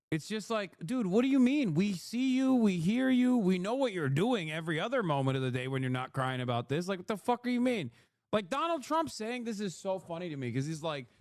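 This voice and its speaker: A man's voice: on the high side, a little mellow, no room sound, clean studio sound. A man giving a profane, exasperated live-stream rant, mocking and talking straight to his chat. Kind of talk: ranting live-stream commentary.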